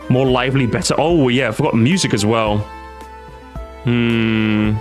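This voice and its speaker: A young man chatting casually on a live stream. He is jokey and animated, and now and then jumps into high, squeaky exclamations. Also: measured pace, faint music behind.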